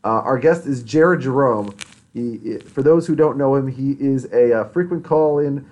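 A man hosting a podcast in casual chat, quick and animated, laughing often. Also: medium pitch, muffled recording. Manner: fast, animated, laughs a lot. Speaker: podcast host.

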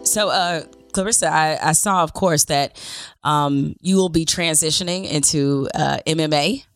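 A woman's voice: low-pitched, measured pace, soft background music. A woman hosting a podcast interview, asking questions in a casual way with many fillers. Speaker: podcast host.

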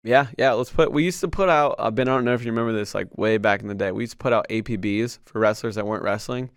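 A man hosting a casual chat, relaxed and easygoing, reading out questions from listeners. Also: lowish voice, fast talker, clean tone, dry recording, clean studio sound. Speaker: podcast host reading audience questions.

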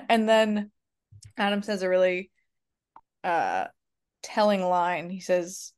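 A woman co-hosting a podcast in casual chat, halting with fillers and restarts. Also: on the low side, steady tone, clean tone. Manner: hesitant, many fillers and restarts. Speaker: podcast co-host.

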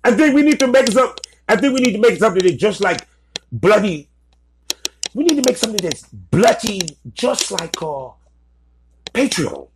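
A man's voice: high-pitched, big pitch swings, normal speed, long pauses, background noise. A man putting on a mock English accent to play a smug, scheming male startup founder who drops British slang. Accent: put-on English. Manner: plummy British slang, mocking.

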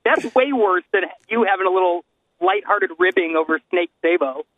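A man's voice: high voice, sing-song, no room sound, narrow, tinny audio. A man co-hosting a podcast in casual chat, joking and agreeing as he talks. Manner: chatty, joking, quick to agree.

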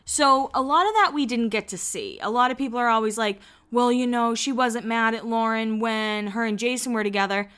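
Young woman gossiping about a reality show on her podcast, smooth clear voice, laughs a lot. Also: a little high, a bit bright. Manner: chatty, laughs often, quotes people in quick asides. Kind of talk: casual chat.

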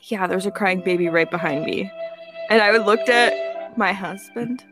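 A woman's voice: medium pitch, unhurried, over music. A woman telling a story in casual podcast chat, filling her sentences with "like" and swearing freely. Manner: fills every phrase with "like", swears freely. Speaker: podcast co-host.

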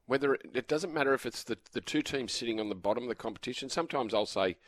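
A man with an Australian accent co-hosting a sports radio show, talking in halting starts and repeated words. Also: mid-range voice, animated, no echo. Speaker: sports radio co-host and caller. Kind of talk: casual radio banter. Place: radio studio. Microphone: studio microphone.

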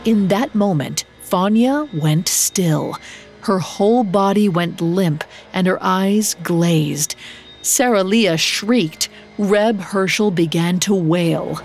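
A woman storyteller reading a folk tale in a measured, hushed way. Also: medium pitch. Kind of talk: scripted narration. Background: faint music.

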